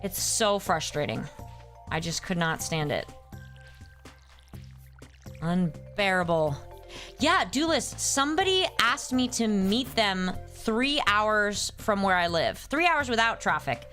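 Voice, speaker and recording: A woman's voice: mid-range voice, expressive, takes it slowly, a bit bright, soft background music. A young adult woman streamer chatting casually with her viewers, ranting in an exasperated way. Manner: exasperated ranting, reads chat names aloud. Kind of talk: casual live-stream chat.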